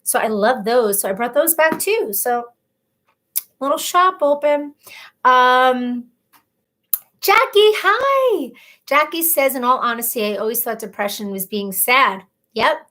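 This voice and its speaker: A woman's voice: a little high, measured pace, bright, forceful tone. Chatty woman hosting a live stream. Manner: chatty, emotional, openly personal. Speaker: livestream host. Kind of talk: casual live chat reading comments.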